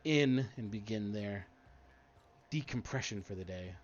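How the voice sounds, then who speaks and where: A man's voice: fairly low pitch, measured pace, lo-fi sound. Easygoing man running a tabletop game. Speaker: game master.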